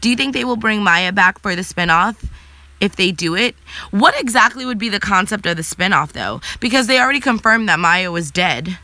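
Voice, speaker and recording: Young woman vlogger, sassy and blunt, bright tone, dry close sound. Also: mid-range voice, animated, fairly quick, dry recording. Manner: blunt, sassy, swears freely. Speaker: vlogger answering live chat. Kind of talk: casual live chat.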